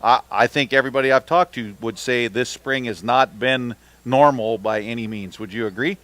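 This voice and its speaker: A man's voice: mid-range voice, normal speed, fairly bright tone, no echo. A man emceeing a fishing tournament weigh-in, reading out weights and teasing the anglers in a joking, upbeat way. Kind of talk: live announcing and bantering with anglers.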